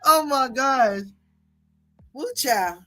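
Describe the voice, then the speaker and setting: Woman streamer, casual story, laughing, cussing, bright sharp voice, faint music behind. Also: high voice, very slow, poor audio. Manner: laughing, profane, animated. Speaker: livestream host.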